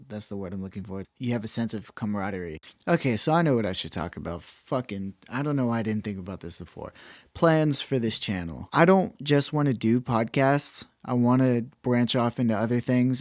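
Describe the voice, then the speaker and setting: Low-voiced young dude rambling solo into a close mic, swears a lot, kinda self-deprecating, super dry sound. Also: male voice, darkish tone, no room sound. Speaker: solo podcast host. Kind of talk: casual late-night ramble.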